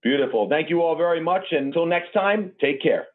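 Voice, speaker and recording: A man's voice: fairly high pitch, animated, a little fast. A man hosting a podcast, telling stories in a gushing, emotional way. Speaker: podcast host. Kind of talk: interview podcast chat. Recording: tinny phone-like line.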